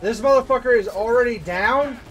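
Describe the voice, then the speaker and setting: A man's voice: extremely high pitch, normal speed, slight background noise. A young man commenting on his gameplay as a streamer, with frustrated outbursts and constant swearing. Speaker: gaming streamer.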